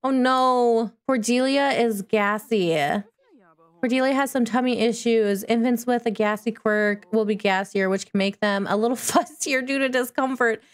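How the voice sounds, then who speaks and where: A woman's voice: on the high side, normal speed. A woman giving casual let's-play commentary, chatty and cooing at the characters in her game. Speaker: gaming video creator.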